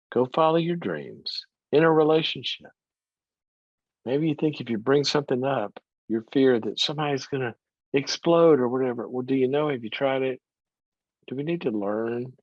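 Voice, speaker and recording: A man telling a story in a motivational talk, animated, laughing often and repeating words as he goes. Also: medium pitch, dry recording. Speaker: psychologist and speaker. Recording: dry, slightly dull sound.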